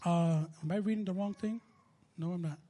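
High-voiced young minister in his twenties. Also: brisk, warm tone. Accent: New York. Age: 20s. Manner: conversational, laughs often, many restarts. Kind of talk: casual sermon.

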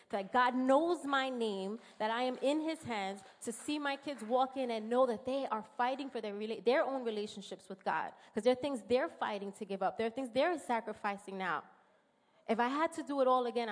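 A woman in her thirties with a New York accent, giving an earnest, emotional personal testimony in church. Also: fairly high pitch. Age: 30s. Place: church sanctuary. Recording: long hall reverb in church.

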